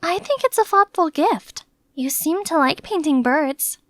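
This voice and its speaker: Young woman, storybook narrator: high, bright, chatty and dramatic, dry close mic. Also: unhurried, dry recording. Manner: chatty, animated, playfully dramatic. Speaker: narrator and maid character. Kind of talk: scripted first-person story narration.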